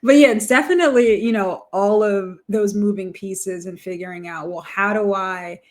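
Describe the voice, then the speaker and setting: A woman's voice: medium pitch, moderate pace, a little mellow. A woman hosting a podcast interview, asking long casual questions full of fillers. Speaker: podcast host.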